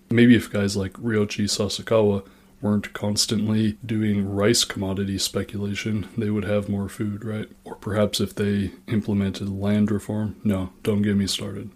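Male history narrator, low and level delivery, dry wry asides. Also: breathy edge.

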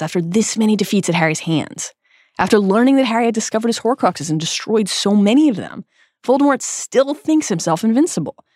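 A woman hosting a podcast, reading a scripted literary analysis in an expressive, emphatic way. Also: fairly low pitch, no room sound, clean studio sound. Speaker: podcast host.

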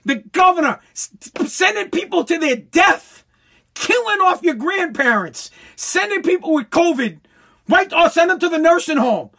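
A man delivering an angry political rant, heated and profane, stumbling over restarts and bursting into shouts. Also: extremely high pitch, lively intonation, moderate pace. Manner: stumbling restarts when worked up.

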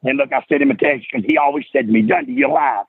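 A man's voice: mid-range voice, very fast, creaky. A man guesting on a podcast, telling profane stories and acting out the voices of the people in them, with lots of laughter. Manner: animated, acts out quoted voices, laughs often. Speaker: guest wrestler. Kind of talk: profane storytelling. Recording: lo-fi audio.

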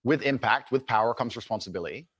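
A man gives interview answers at a brisk clip, firm and assertive in every sentence. The sound is dry and close, with no room around it. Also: mid-range voice, animated, fairly bright tone, slightly rough, dry recording. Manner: emphatic, assertive. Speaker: interview guest.

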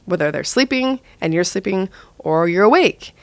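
Chatty young mom, dry close sound. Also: female voice, animated, moderate pace, no echo. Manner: chatty, acts out her own lines with rising pitch. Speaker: mother sharing parenting advice. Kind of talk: casual podcast chat.

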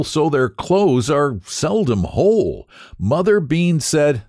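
A man reads children's rhymes aloud in a sing-song storyteller voice. His pitch swoops wide and his pace is slow. The sound is dry and close. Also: sing-song, mellow, no room sound.

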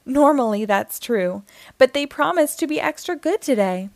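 A woman voicing a sweet, cheerful cartoon mouse woman in a storybook reading, upbeat and warm. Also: high voice, lively intonation, normal speed, gravelly, no room sound.

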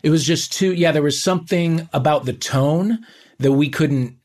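A man's voice: fairly high pitch, moderate pace, darkish tone. A man hosting a casual chat, telling his own story with enthusiasm and self-mockery. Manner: enthusiastic, self-mocking, many fillers.

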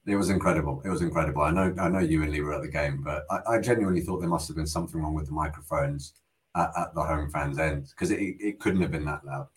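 A deep-voiced man talks quickly on a football podcast, animated and often repeating words as he goes. He is a co-host in a casual chat.

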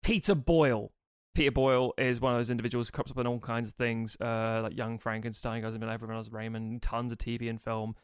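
A man co-hosting a casual podcast, rambling and joking as he pitches ideas. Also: little pitch movement, brisk, hardly any pauses, clean tone, no room sound, studio quality. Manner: rambling, jokey, often trails off and restarts. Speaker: podcast co-host.

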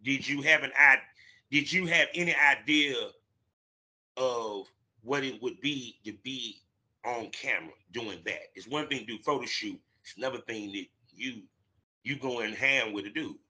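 A man's voice: medium pitch, normal speed, sharp tone. A man hosting a casual podcast interview, brash and slangy, hyping up his guest. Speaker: podcast host.

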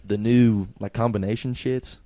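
A man's voice: lowish voice, fairly even intonation, normal speed, mellow, dry recording. A young man co-hosting a comedy podcast, swearing and riffing in loose, crude banter. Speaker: podcast co-host.

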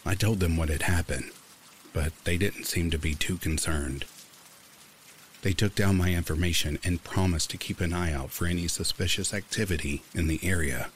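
Very deep-voiced man narrating creepy stories. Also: moderate pace, slight background noise. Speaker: horror story narrator.

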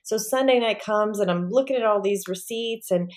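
A woman talking as a guest on a podcast, telling a personal story with real energy. She shifts into the voices of the people she quotes as she goes. Her pitch sits in a middle range for a woman. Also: normal speed. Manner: animated, acts out quoted voices.

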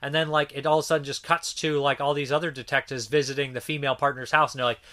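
A man's voice: mid-range voice, level tone, quick pace, bright, forceful tone. A man in his thirties reviewing a movie in a casual, rambling monologue, swearing freely and using lots of filler words.

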